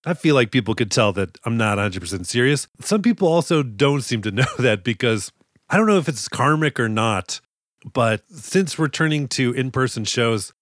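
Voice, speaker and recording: A man's voice: medium pitch, lively intonation, moderate pace, a bit bright, no echo, clean studio sound. A man co-hosting a podcast, telling stories in a joking, self-deprecating way. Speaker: podcast co-host. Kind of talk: casual chat.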